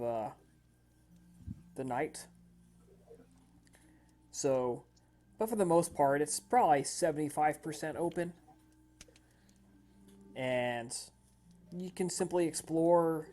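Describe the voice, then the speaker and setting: A man serves as game master, describing scenes for his players in a loose, rambling way. His voice is mellow and dark in tone, with frequent fillers and restarts. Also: fairly high pitch. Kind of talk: narrating a tabletop game.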